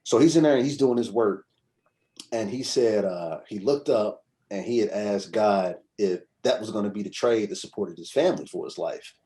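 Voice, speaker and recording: Guy with a lowish voice, rambling story on a podcast, keeps asking if you get him. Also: moderate pace, dark tone. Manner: rambling, conversational, frequent "you know what I'm saying". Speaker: podcast guest. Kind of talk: casual storytelling.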